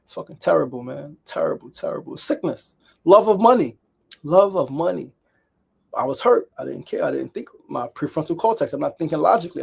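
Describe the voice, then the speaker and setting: A man's voice: mid-range voice, creaky, a little mellow, husky. A man hosting a daily show, speaking candidly in a reflective solo monologue and often repeating himself. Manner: candid, repetitive, storytelling with acted quotes.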